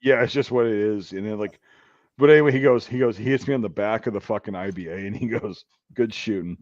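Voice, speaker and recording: A man casually telling army stories with lots of swearing, acting out a drill sergeant's shouts. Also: fairly low pitch, fast talker, dry recording, lo-fi sound. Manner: profane storytelling, acts out drill sergeant shouts. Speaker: podcast host. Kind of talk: casual chat.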